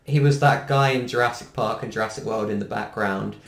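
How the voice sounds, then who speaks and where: A man's voice: fairly low pitch, fairly even intonation, brisk, vocal fry. A man co-hosting a podcast in casual, enthusiastic chat, laughing often. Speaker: podcast co-host. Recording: echoey room.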